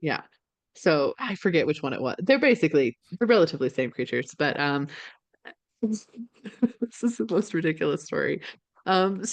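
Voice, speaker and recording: Animated woman telling a story. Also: no echo. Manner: animated, laughing, acts out quotes in a higher voice. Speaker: podcast co-host. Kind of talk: casual chat, storytelling.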